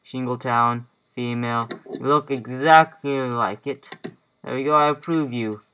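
A young man talks his way through a video game in an unhurried, drawn-out way, half muttering to himself. His voice is bright and a little sharp, and he plays up a bossy, joking tone. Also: mid-range voice, steady tone, clean tone. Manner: mutters to himself while playing, playfully bossy. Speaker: let's play gamer. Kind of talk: casual gameplay commentary.

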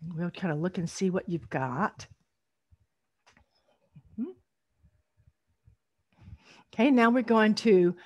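A woman presenting an online storytelling workshop for young tellers, speaking in an animated, teacherly way over a video call. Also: medium pitch, breathy edge, no room sound. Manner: animated, teacherly, drawn-out emphasis.

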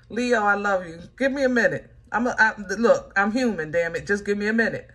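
A woman giving a casual tarot reading, animated and joking, talking straight to the listener with lots of fillers. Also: mid-range voice, moderate pace, few pauses. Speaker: tarot reader.

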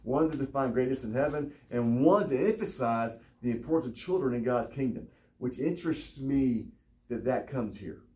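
A man's voice: medium pitch, expressive, dark tone, reverberant, far from the mic, poor audio. Man preaching an expository sermon. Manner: expository, emphatic teaching with pauses. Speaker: pastor.

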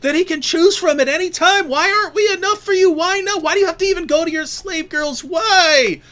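A man's voice: very high voice, a little fast, sharp tone, pitched above the performer's own voice. A man putting on the voices of jealous, exasperated wives who nag their husband with pleading rhetorical questions.

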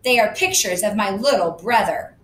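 A woman voicing a snooty young schoolgirl who is quick to anger, in an audiobook reading. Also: mid-range voice, expressive, reverberant, a little hiss or hum, lightly acted. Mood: indignant. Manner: snooty, indignant, loud.

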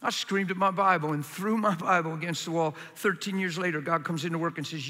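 A man preaching a sermon with passion, swinging from quiet, confiding lines to loud, urgent ones. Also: fairly high pitch, fairly quick, few pauses. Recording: hall reverb.

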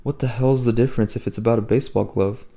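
A man's voice: mid-range voice, fairly even intonation, quick pace, mellow, close to an everyday voice. A man voicing a cocky, irritable teenage roommate who gripes and swears. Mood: furious. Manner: griping and profane. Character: cocky male teen prep-school roommate, irritable.

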